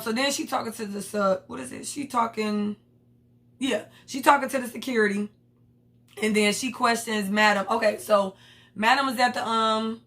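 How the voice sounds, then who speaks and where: A woman's voice: mid-range voice, a bit bright. A woman reviewing a TV episode in a casual vlog, candid and slangy with blunt opinions. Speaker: TV show reviewer.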